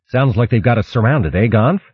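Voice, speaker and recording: A man voicing a calm, steady male mouse warrior who speaks with dry humor. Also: medium pitch, fairly quick, husky, no room sound, dull audio, pitched above the performer's own voice.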